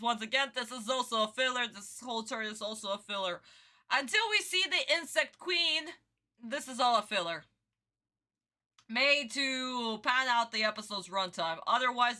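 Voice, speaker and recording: A woman's voice: on the high side, bright, forceful tone. A woman streamer reacting live to a cartoon, gushing at her chat with pet names and laughing often.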